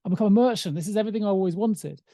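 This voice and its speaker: A man's voice: sits high, racing, mellow, dry recording, clean studio sound. A man voicing a poor male stonecutter in a spoken parable, with wistful, wondering exclamations. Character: poor male stonecutter, ever wishing for more power.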